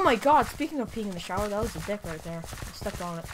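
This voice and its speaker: A woman commentating her own gameplay, excitable and rambling, with sudden bursts of yelling into a desk microphone. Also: mid-range voice, fast talker, slight background noise. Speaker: gaming video creator. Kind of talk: live game commentary.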